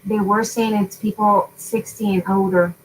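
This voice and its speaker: A woman's voice: mid-range voice, steady tone, normal speed, slight background noise, poor audio. A woman in her forties hosting a casual craft tutorial livestream, chatty and often laughing as she drifts off topic. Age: 40s. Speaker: craft channel host.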